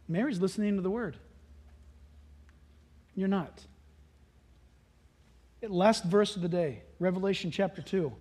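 A man preaching a sermon, telling animated stories and acting out the voices of the people in them. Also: sits high, a little slow, pauses often, breathy edge. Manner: animated storytelling, acts out voices and laughs. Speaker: pastor.

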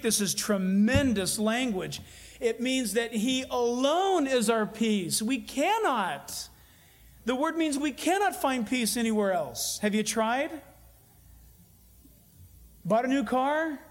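A man preaching a sermon in church, earnest and full of stories, slowing down to stress key phrases. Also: very high voice. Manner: earnest, storytelling preacher with emphatic slowed phrases. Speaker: pastor.

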